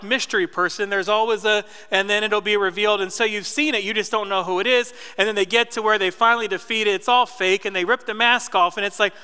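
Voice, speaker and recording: Male preacher, thirties, from New Jersey; chatty sermon, crisp and resonant, live church hall reverb. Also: high voice, pushed and bright. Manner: conversational storytelling with asides to the congregation. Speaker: pastor.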